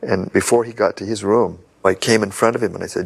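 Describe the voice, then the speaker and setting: Gravelly, husky older man. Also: on the low side, fairly even intonation, quick pace. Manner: earnest storytelling. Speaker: interviewee. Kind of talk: reminiscing interview.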